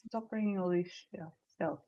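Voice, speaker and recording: A woman's voice: fairly low pitch, normal speed, muffled recording. A woman playing a tabletop game, talking hesitantly and thinking aloud as she decides her moves. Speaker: player.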